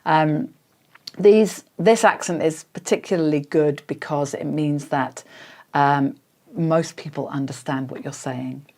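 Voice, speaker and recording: A woman's voice: low voice, slow, a little mellow. A woman with an English RP accent, coaching learners in a patient, explanatory spoken lesson with frequent fillers.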